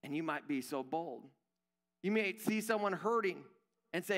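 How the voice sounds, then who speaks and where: Bright-voiced pastor preaching in a hall. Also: male voice, a little high, lively intonation, normal speed. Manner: conversational, self-deprecating, acts out quoted voices. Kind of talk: sermon. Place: church sanctuary.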